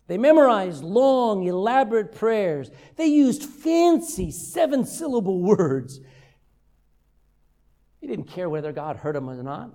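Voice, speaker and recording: Older man, pastor, high-pitched, humorous sermon delivery. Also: a little slow. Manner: humorous, lively storytelling.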